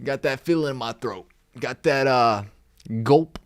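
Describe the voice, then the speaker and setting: A man's voice: mid-range voice, normal speed, fairly bright tone, clear, resonant tone, dry recording, studio quality. A young man hosting a casual live-stream recap, reading from his notes and firing off exasperated rhetorical questions. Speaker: podcast host recapping games.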